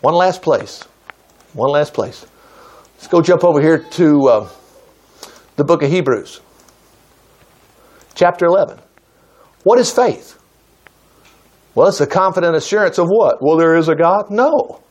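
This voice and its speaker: Animated, high-pitched preacher man. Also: a little slow, long pauses. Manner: emphatic, conversational preaching with sudden pitch jumps. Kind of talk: sermon.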